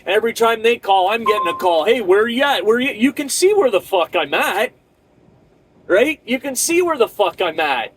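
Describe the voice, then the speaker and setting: A middle-aged male trucker with a fairly high voice rants about a rough day on the road. He swears constantly and rambles through restarts and asides as he vents about his load. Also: very animated, normal speed, fairly bright tone, slight background noise, low-quality recording. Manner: profane, rambling, frustrated storytelling. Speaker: truck driver. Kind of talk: casual ranting vlog.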